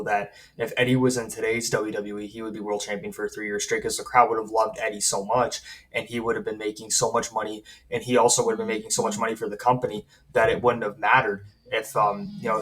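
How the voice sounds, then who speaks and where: A man's voice: on the low side, recorded from a distance. A man giving an emphatic wrestling opinion monologue that builds energy as he goes. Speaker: wrestling commentator.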